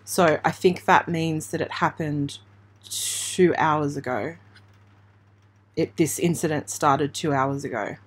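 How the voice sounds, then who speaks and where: A woman from Australia hosting a true crime channel, giving halting, emotional live commentary on breaking news while trying not to cry. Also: low voice, slightly rough. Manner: halting, emotional, hesitant with restarts. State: near tears.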